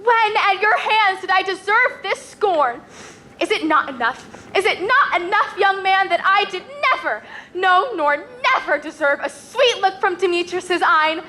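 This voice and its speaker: A woman's voice: very high voice, expressive, measured pace, sharp tone, heavily acted. A young woman playing a lovesick, spurned maiden in a school stage play, pleading breathlessly in verse. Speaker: student actor.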